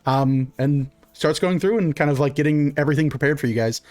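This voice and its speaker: A man's voice: a little high, a little fast, darkish tone, dry recording. Rambling man running a tabletop game. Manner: loose and rambling with many fillers. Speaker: game master.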